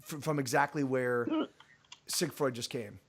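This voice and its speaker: A man narrating as game master for a tabletop game, talking in halting bursts full of restarts. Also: mid-range voice, steady tone.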